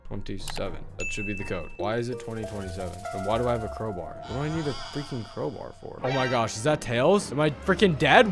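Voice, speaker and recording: A young man doing let's play commentary on a horror game, talking to viewers, often yelping and shouting. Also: medium pitch, lively intonation, fast, few pauses, music in the background. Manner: jumpy, yelps and shouts often; talks to viewers, mild swearing. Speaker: gaming commentator.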